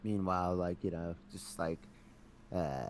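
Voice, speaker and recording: A man co-hosting a podcast in casual chat, dropping dry, deadpan quips. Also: sits low, a little slow, slight background noise. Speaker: podcast co-host.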